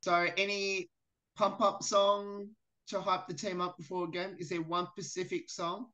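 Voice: mid-range voice, flat delivery, normal speed, sharp tone. A radio interviewer asking athletes questions in a friendly way over a video call. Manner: friendly, laughs between questions.

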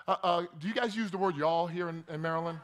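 A man's voice: on the high side, fast, a bit bright. A man from New Jersey preaching a sermon in a conversational, joking way, often restarting his words. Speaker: pastor.

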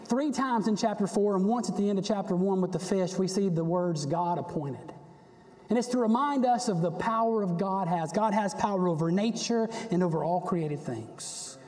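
A man preaching a sermon in a church, animated, acting out the prophet's complaints with a rising voice. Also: high-pitched, normal speed. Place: church sanctuary. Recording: long reverb of a church hall.

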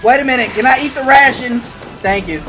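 A man giving excitable, slangy let's-play commentary to viewers, bursting into loud cheers. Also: very high voice, fairly quick. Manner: slangy and chatty, talks straight to viewers. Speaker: gamer playing through a video game. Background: game music and sound effects.

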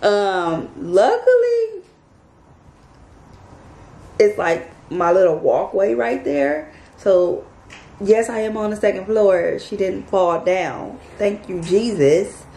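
A woman vlogger telling a story to her viewers in a casual, animated, chatty way. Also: mid-range voice, slow, creaky. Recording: echoey room, faint background noise.

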